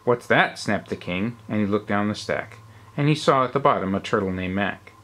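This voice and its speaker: A man, a father, reading a rhyming storybook aloud at bedtime with an expressive, rhythmic delivery. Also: lowish voice, a little fast.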